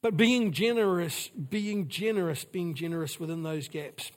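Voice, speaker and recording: High-voiced man preaching with emphatic repetition. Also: moderate pace. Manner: repetitive, emphatic preaching with sudden drops to quiet. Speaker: pastor. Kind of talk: sermon.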